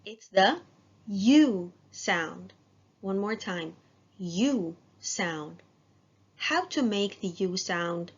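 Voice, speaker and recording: A woman teaching an English phonics lesson, modeling sounds slowly and praising students as they repeat. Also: medium pitch, animated, slightly rough. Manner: slow, drawn-out, encouraging drill. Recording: dull lo-fi sound.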